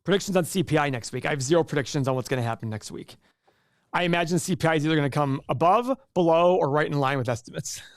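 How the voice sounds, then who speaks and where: Man, live stream host, chatty, restarts often, fairly high voice, dry sound. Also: quick pace, dry recording. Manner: chatty, rambling, frequent restarts. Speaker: livestream host. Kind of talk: casual live stream chat.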